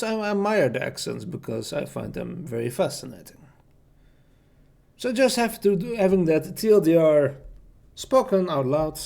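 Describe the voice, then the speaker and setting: A man streamer and hobby voice actor giving a casual spoken self-introduction, with halting, loosely strung phrasing. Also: fairly high pitch, vocal fry, a little mellow.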